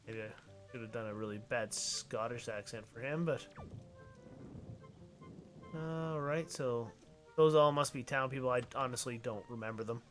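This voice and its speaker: Low-key man narrating a game. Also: normal speed, pauses often, a bit bright, soft background music. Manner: low-key, mumbling asides. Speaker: let's play host. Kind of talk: casual gaming commentary.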